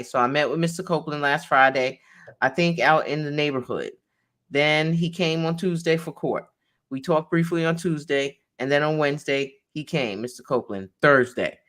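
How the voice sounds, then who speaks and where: A woman's voice: extremely low pitch, fairly bright tone. A woman attorney reading a court transcript aloud in a conversation, naming each speaker as she goes.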